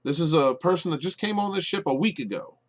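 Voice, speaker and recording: A man giving an exasperated review of a TV show, with lots of fillers and restarts, dropping to low mutters and then bursting out loud. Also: fast talker. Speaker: podcast reviewer. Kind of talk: ranting review commentary.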